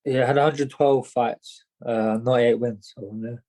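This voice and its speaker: A young man telling his story as a podcast guest, mid-pitched and plain, tripping over his words and restarting often. He talks in a loose, rambling way, tossing in "mate" and "do you know what I mean" as he goes. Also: fairly even intonation, normal speed, dark tone, low-quality recording. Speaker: guest, boxer. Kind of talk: casual storytelling.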